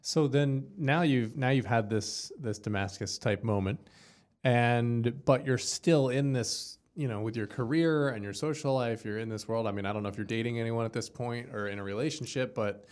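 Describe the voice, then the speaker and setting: A man's voice: medium pitch, normal speed, a little mellow. A man hosting an interview, offering brief listening responses and asking follow-up questions. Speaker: interview host.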